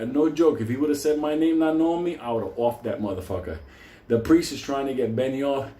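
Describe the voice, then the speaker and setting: A man telling a wild story in a loud, profane, laughing way, acting out the people he quotes. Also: mid-range voice, brisk, echoey room.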